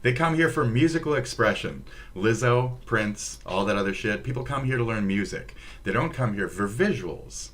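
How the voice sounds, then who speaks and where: A man's voice: fairly low pitch, expressive, normal speed, hardly any pauses, fairly bright tone. A man from Minnesota with a Minnesotan accent, chatting profanely and rambling on a livestream. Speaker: streamer. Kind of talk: casual livestream chat.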